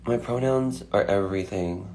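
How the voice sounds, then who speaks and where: Chatty low-voiced man on a phone livestream. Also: normal speed, a little mellow. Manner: chatty, filler-heavy, frequent "like". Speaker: singer answering fan questions. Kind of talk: casual livestream chat.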